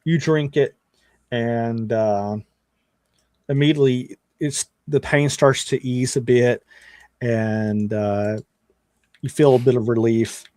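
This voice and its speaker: A man running a tabletop game, narrating scenes casually with plenty of fillers and asides. His voice has an average pitch. The sound is dry, close and free of room echo. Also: steady tone, takes it slowly, pauses often, a little mellow. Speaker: game master.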